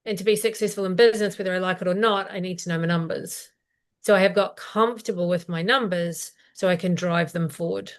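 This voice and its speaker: A woman co-hosting a business live stream, practical and steady, asking questions aloud as she explains. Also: lowish voice, a little fast.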